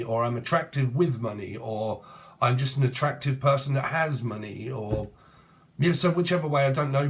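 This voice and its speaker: A man giving a rambling tarot reading, free-associating between word plays and names in a casual, slangy way. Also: mid-range voice. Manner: casual, swears and uses slang. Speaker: tarot reader.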